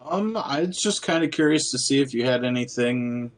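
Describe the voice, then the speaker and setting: A man's voice: mid-range voice, expressive, moderate pace. A man playing a tabletop game, speaking casually and hesitantly. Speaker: player.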